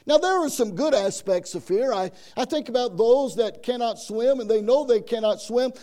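High-voiced preacher. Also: male voice, a little mellow. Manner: folksy storytelling with dramatic quoted voices. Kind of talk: sermon.

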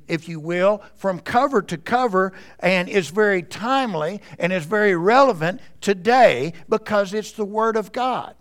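A male pastor preaching a sermon at a church service, speaking earnestly and addressing the congregation directly. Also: high-pitched.

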